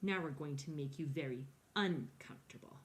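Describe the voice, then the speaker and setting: A woman's voice: sits low, normal speed, close to an everyday voice. Woman doing a sarcastic, bossy bear sister. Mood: menacing.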